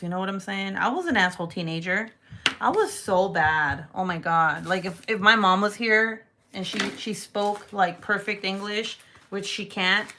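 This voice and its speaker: A woman's voice: mid-range voice, bright, forceful tone, a little hiss or hum. A woman chatting casually at home while making polymer clay pieces, candid and profane, often laughing. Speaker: polymer clay crafter vlogger. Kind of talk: casual chat while crafting.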